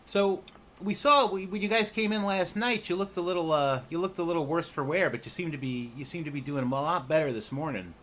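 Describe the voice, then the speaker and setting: A man voicing a friendly, sociable male halfling in a tabletop role-playing game, speaking with eager warmth. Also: a little high, a little fast, a little hiss or hum, voice pushed up, lightly acted.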